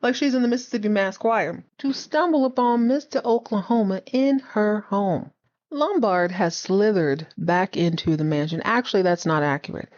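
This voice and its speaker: A woman hosting a podcast, recapping a TV series in casual, sassy commentary and acting out the characters' lines in quick voices. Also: medium pitch, a little mellow, lo-fi sound.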